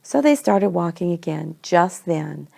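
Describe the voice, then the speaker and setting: A woman telling a homey family story in an unhurried, conversational way. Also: fairly low pitch, lively intonation, vocal fry, dark tone. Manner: homey, unhurried, slips between we and they. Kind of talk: storytelling to children.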